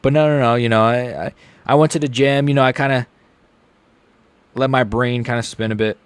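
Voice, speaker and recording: A young man streaming a live reaction to fights, chatting casually and getting loud and excited when something big happens. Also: brisk, clear, resonant tone, dry recording. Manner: casual, excitable, shouts with rising pitch at big moments.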